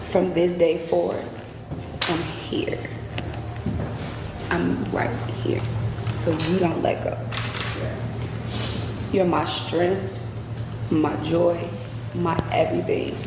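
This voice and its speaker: A woman's voice: fairly low pitch, gravelly, heavy background noise. A woman reading heartfelt wedding vows in an earnest, heartfelt manner. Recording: echoey hall with loud ambience.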